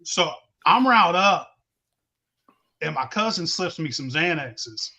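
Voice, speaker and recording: A man's voice: on the high side, animated, slow, pushed and bright. A man telling a rowdy, profane drinking story in casual chat. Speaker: show host telling a story.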